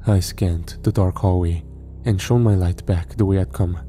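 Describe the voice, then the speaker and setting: A man narrating a horror story in a measured storytelling manner. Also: low voice, fairly even intonation, warm tone, faint music behind.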